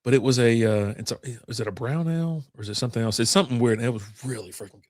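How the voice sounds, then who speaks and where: A man's voice: mid-range voice, rapid-fire, a little mellow, no echo, clean studio sound. A man with a drawl, co-hosting a podcast, rambling through stories over beers and swearing freely. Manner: rambling storyteller, swears a lot. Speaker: podcast co-host. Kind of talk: casual chat over beers.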